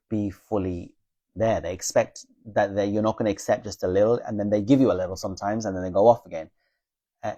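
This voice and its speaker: Male spiritual teacher in a live Q&A. Low, gravelly, mellow voice, blunt and teasing in delivery. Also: highs cut off. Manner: blunt, matter-of-fact, teasing. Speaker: spiritual teacher answering viewer questions. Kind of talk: live Q&A chat.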